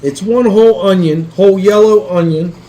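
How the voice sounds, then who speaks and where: A cooking channel host speaks at a normal pace in a high-pitched but dark-toned voice, and the audio is poor. Rambling from his kitchen, he swears casually, talks straight to viewers and repeatedly asks "you know what I mean."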